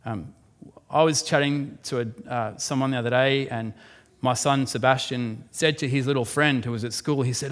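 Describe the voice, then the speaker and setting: A man's voice: mid-range voice, steady tone, moderate pace. A man preaching a sermon and leading a closing prayer, talking in an earnest, conversational way with fillers and restarts. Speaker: pastor. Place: church hall. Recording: long hall reverb.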